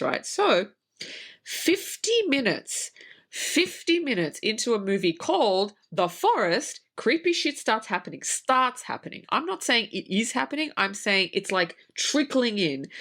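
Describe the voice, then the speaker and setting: A woman's voice: medium pitch, fairly bright tone. A woman, a horror writer, co-hosting a podcast and ranting about a film, swearing heavily in casual chat. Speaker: podcast co-host. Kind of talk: casual movie review chat.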